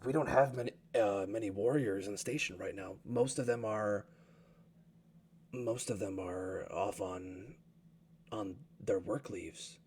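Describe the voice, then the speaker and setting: A man voicing a grave, regretful male official who speaks low and subdued. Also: a little slow, darkish tone, husky.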